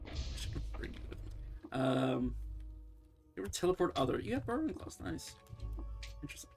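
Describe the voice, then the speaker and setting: A man's voice: on the high side, very animated, moderate pace, creaky, a little mellow. A man streaming a game, rambling in casual commentary, swearing and talking to the characters on screen. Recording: faint game music underneath.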